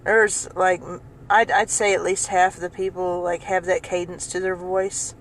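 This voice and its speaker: A woman's voice: lowish voice, level tone, normal speed, a little hiss or hum, poor audio. A woman vlogger talking casually to camera about her own experiences, rambling, restarting often and laughing. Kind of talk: casual personal talk to camera.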